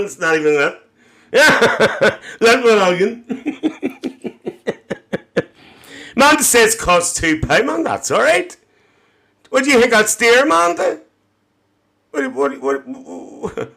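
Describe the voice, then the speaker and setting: A man's voice: high voice, pushed and bright, full character voice. A man playing a cheeky Northern Irish auntie. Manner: chatty, calls everyone "dear", laughs often. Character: cheeky gossiping Northern Irish auntie, middle-aged woman. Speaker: livestream host. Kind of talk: live-stream chat reading viewer comments. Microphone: phone livestream.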